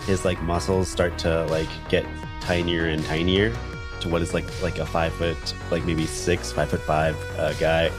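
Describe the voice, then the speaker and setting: Deep-voiced man rambling with slang. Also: flat delivery, moderate pace, music in the background. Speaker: player. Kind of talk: casual tabletop play.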